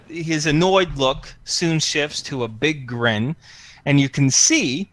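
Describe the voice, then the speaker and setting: A man's voice: mid-range voice, a bit bright, dry recording. A man narrating scenes as game master of a tabletop game, descriptive and full of fillers. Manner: descriptive, filler-heavy, unhurried.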